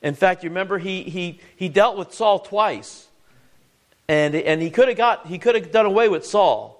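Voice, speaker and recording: A man's voice: high voice, moderate pace. A man preaching a sermon, earnest and searching, often repeating words and asking the congregation questions.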